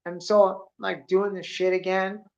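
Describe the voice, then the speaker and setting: Swearing nonstop and excitedly, this man spins a meandering funny story, drawling "dude" at the end of lines and performing noises and voices along the way. His voice sits high with vocal fry at a normal speed, on lo-fi sound.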